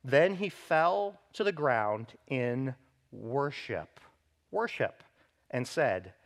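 A man's voice: expressive, extremely slow, gravelly. A man preaching a sermon as pastor, emphatic, lifting his voice when he reads the scripture aloud and checking in with listeners. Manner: emphatic, rises in pitch and volume when voicing scripture; speaks directly to the congregation with frequent "right?".

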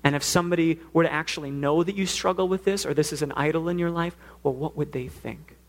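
A man's voice: a little high, fairly even intonation, quick pace. Earnest man preaching a sermon. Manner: earnest, acts out quoted pleas. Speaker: pastor.

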